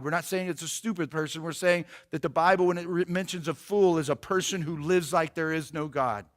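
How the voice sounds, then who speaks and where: A man's voice: fairly high pitch, brisk, few pauses. A male pastor preaching a sermon in a casual, conversational way.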